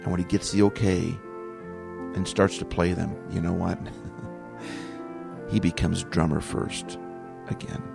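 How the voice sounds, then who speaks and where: A middle-aged man talks slowly through a reflective podcast episode, his low voice carrying a gravelly edge. He speaks earnestly and with feeling, returning again and again to the same phrases. Music plays clearly beneath him. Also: level tone. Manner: earnest, emotional, repeats key phrases. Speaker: podcast host. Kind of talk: reflective solo podcast talk. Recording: music playing underneath.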